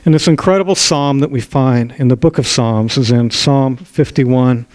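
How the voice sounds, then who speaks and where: A man's voice: mid-range voice, normal speed, no echo, rough recording. Male pastor retelling a Bible story. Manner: narrative storytelling with small restarts. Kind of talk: sermon.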